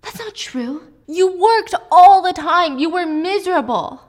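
A woman voicing a frightened young wife who accuses her husband, her voice high and pleading. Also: expressive, unhurried. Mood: frantic.

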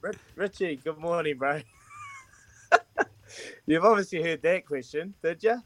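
A man's voice: fairly high pitch, unhurried. A man hosting a breakfast radio quiz, cheery and matey as he counts down the answers.

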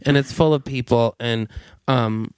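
A man's voice: mid-range voice, fairly even intonation, measured pace, a little mellow, clear, resonant tone, no echo. Rambling male comedy podcaster. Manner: rambling storytelling with many fillers. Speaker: podcast co-host. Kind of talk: improvised comedy chat.

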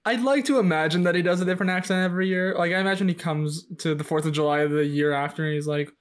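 Brief: young male co-host, somewhat high pitch, chatty and self-deprecating. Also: steady tone, rapid-fire. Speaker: podcast co-host. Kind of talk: casual chat.

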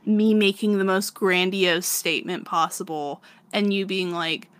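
A woman chatting casually with a co-host, her voice at an ordinary middle pitch. She talks in a relaxed, loose way, with plenty of fillers. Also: a little slow, dry recording. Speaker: podcast co-host. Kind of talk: casual chat about manga.

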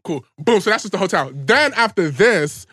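A man's voice: high voice, animated, bright, forceful tone, slightly rough, dry recording. A man co-hosting a podcast, bantering and teasing in casual chat while he tells the trip story. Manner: sassy banter, quick asides, teasing. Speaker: podcast co-host.

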